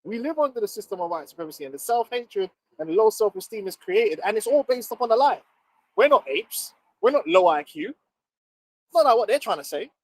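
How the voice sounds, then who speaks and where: A man's voice: sits high, lively intonation, brisk, darkish tone, rough recording. A man on a casual livestream, ranting emphatically with plenty of profanity. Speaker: livestream co-host. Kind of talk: casual heated chat.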